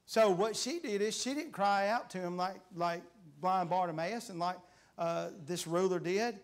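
A man preaching a sermon in a church with a high-pitched voice. He reads scripture in old-fashioned wording and builds fervently as he pleads. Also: moderate pace. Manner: fervent, rising to shouts when pleading; reads scripture aloud in King James wording. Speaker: guest preacher. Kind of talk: revival preaching. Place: church sanctuary.

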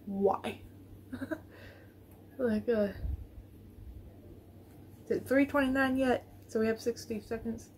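A woman's voice: medium pitch, a little hiss or hum. A woman vlogger chatting to viewers in a casual reaction video, nervous and rambling, recorded on her phone.

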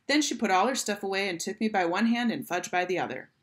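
A woman teacher reading a children's book aloud in a clear, expressive storytelling voice. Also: medium pitch, fast talker.

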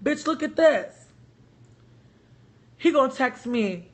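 A woman telling a story on a casual livestream, animated, joking and profane. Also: high voice, slow pace. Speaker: livestream host.

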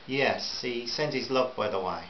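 A man voicing a gentle, earnest husband, in a roomy, slightly dull recording with faint hiss. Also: mid-range voice, measured pace, close to an everyday voice.

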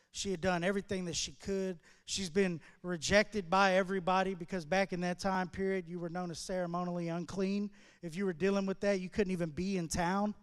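A male guest speaker at a recovery ministry, preaching a sermon as animated storytelling in casual street slang. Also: high-pitched, long reverb tail.

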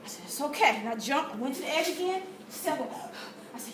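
Woman with a high voice sharing an animated testimony, recorded from far off in a roomy space. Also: fairly quick. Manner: animated storytelling with gasps and quoted prayers. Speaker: testimony speaker. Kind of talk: church testimony. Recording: echoey room from far off with noise.

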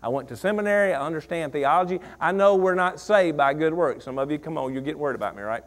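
A man's voice: fairly high pitch, expressive, quick pace. A man, preaching a sermon, repeating phrases and asking the congregation questions. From Mississippi. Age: 40s. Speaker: pastor.

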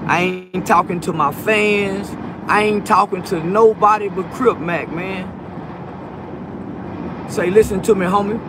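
Tearful high-voiced man, stammering. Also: steady tone, a little slow, long pauses, background noise. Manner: stammering repetitions, heartfelt and pleading. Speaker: online personality addressing a peer. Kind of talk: emotional direct-to-camera monologue.

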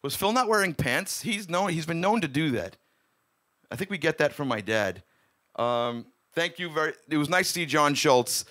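A man's voice: on the high side, animated, moderate pace, sharp tone. A man hosting his own music live stream from a home room, chatting casually and rambling as he greets viewers by name.

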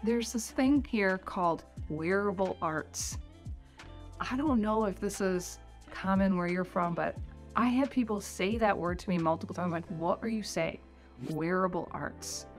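A woman's voice: medium pitch, moderate pace. A middle-aged American woman vlogging tips on life abroad, in a rambling, chatty way full of "like". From United States. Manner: chatty, rambling, heavy use of "like". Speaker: vlogger giving tips on life in New Zealand. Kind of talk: casual talking-head vlog. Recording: faint music underneath.

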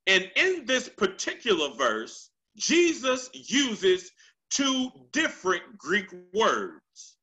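Man, church preacher, bright ringing tone, lively rising and falling pitch, call-and-response repetition. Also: lo-fi sound. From United States. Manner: call-and-response preaching, repeats lines for emphasis; drawn-out, swooping delivery on quoted scripture. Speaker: pastor. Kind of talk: sermon. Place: church sanctuary. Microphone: handheld microphone.

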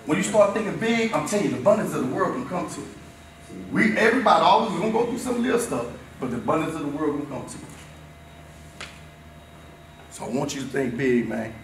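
A man in his fifties giving an emphatic, repetitive motivational talk to a school team in a locker room, swinging between shouting and low, intense stretches. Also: big pitch swings, quick pace, long pauses. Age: 50s. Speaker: motivational speaker. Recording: very echoey room, voice far off, faint noise.

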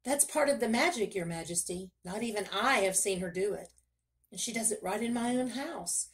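A woman's voice: medium pitch, voice pushed up, natural voice. Woman voicing a blustering, nervous fat miller. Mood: nervous wheedling. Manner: eager, fast-talking, flustered.

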